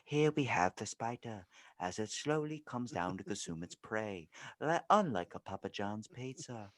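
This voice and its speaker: A man voicing a male nature documentary narrator, speaking slowly and solemnly in a low hush. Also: lively intonation, no echo.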